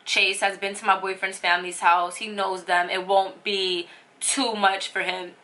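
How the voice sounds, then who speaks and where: A woman's voice: mid-range voice, little pitch movement, a little slow, sharp tone. A young woman telling a personal story on her vlog, emotional and rambling with lots of fillers. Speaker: vlogger.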